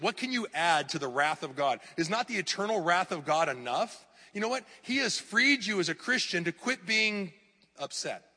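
A middle-aged male pastor preaching an animated sermon in a church, sometimes mocking clickbait headlines in a raised voice. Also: fairly high pitch, husky, long reverb tail. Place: church hall.

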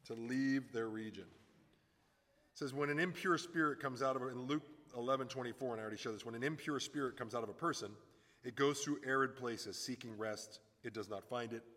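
A man's voice: mid-range voice, fairly quick, fairly bright tone, long reverb tail. A man preaching a sermon in a conversational way, often acting out the voices of people in his stories. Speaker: pastor.

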